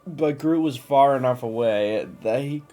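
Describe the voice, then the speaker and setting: A man reading a fantasy story aloud in an easygoing, unpolished way. His pace is slow and his pitch sits at a middling level. He trips over words and backs up to restart them. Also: mellow, soft background music. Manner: stumbles and restarts, occasional coughs. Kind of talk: casual reading of fan lore.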